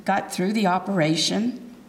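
A woman giving a personal testimony at church alongside her husband, speaking hesitantly with many pauses and fillers. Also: mid-range voice, vocal fry. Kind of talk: personal testimony told to a congregation.

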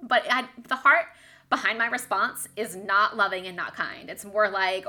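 A woman's voice: medium pitch, moderate pace, pushed and bright. A woman giving a devotional teaching talk to other Christian moms, candid and conversational, often laughing at herself.

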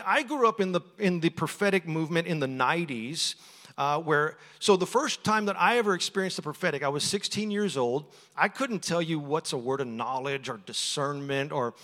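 A man's voice: fairly high pitch, lively intonation, fairly quick, a bit bright. A middle-aged man from Texas, preaching as a guest speaker in a conversational, storytelling way and laughing often. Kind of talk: sermon. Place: church sanctuary. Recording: long hall reverb.

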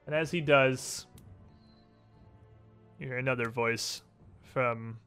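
A man's voice: medium pitch, steady tone, slow, a bit bright, clean tone, faint music behind. A man narrating a tabletop game as game master, with dramatic, lingering narration.

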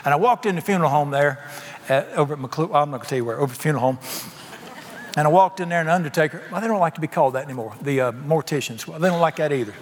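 A man preaching a sermon, telling a folksy, animated story full of sudden jumps in pitch. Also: very fast. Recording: reverberant hall with faint ambience.

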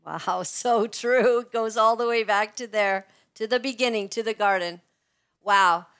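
A woman hosting a casual interview, quick to agree with her guest. She often stumbles and restarts her sentences as she builds her questions. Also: medium pitch, a bit bright, clean tone. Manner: eager, affirming, with halting restarts. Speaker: host.

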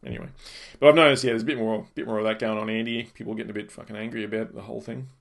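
An Australian man hosting a podcast, chatting casually and telling animated stories with lots of swearing and laughter. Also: lowish voice, rapid-fire, creaky. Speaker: podcast host.

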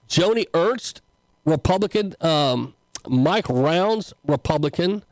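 Man, pastor-host, folksy commentary, somewhat high voice, dry recording. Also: lively intonation, slow, no echo, rough recording. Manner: folksy, conversational, with frequent fillers and restarts. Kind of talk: casual political commentary and preaching.

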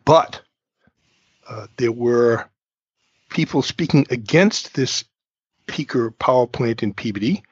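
A man's voice: mid-range voice, slow pace, long pauses, slightly rough, no echo, lo-fi sound. Male host, informal explainer, dry close sound. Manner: chatty, informal, explains step by step with asides. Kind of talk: conversational explainer, interview intro.

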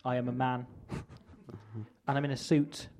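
A man on stage doing a stand-up parody of a politician, awkward and self-deprecating, with halting restarts. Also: mid-range voice, little pitch movement, a little mellow, slight background noise. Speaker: comedian in a mock political speech. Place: stage before a live audience.

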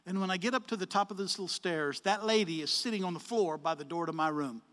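A man telling a story in a sermon, animated, acting out the dialogue with changes of voice. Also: high voice, fast talker, in a large hall. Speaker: preacher.

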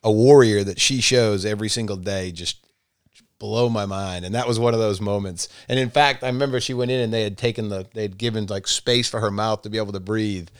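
Low-voiced man telling an excited story. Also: brisk, clear, resonant tone. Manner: animated, repeats "like" often. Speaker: guest. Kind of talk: casual conversational storytelling.

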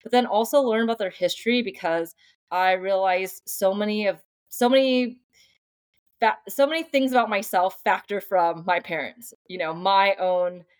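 With a medium-pitched voice at an ordinary pace, a young adult woman who writes books appears as a podcast guest, reflecting earnestly on her family life. Her speech is full of fillers and restarts in this relaxed interview, and there's no echo.

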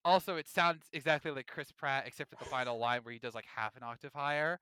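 A man co-hosting a podcast, talking in casual chat with animated, emphatic ranting. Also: medium pitch, fast talker, few pauses, smooth, no room sound. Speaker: podcast co-host.

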